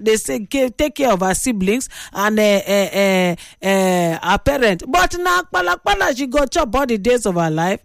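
A woman's voice: on the high side, creaky, dry recording, clean studio sound. A woman with a Nigerian accent hosting a radio call-in show, chatty and opinionated as she tells a story. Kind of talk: casual radio talk.

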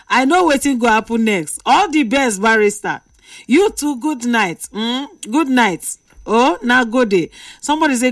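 A woman's voice: a little high, animated, moderate pace, no echo, clean studio sound, distant mic. Playful Nigerian woman radio host, off-mic. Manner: playful, reads out listener messages and banters. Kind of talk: late-night radio call-in chat.

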